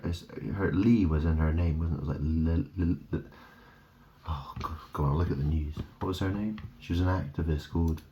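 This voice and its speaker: A man's voice: low voice, dark tone, slight background noise. A man in a rambling monologue, drifting through wordplay and trailing off. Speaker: vlogger. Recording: dull lo-fi recording.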